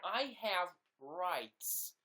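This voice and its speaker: An Englishman doing a shrill whiny American man. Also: sing-song, extremely slow, a little hiss or hum, full character voice. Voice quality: high, shouty and whining. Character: brash loud American man, whiny about his rights.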